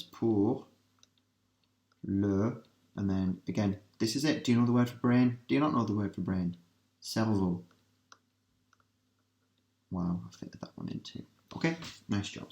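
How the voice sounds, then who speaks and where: A man teaching a revision lesson, working through translations step by step and asking his students quick questions. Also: on the low side, a little mellow. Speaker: language teacher. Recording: roomy echo.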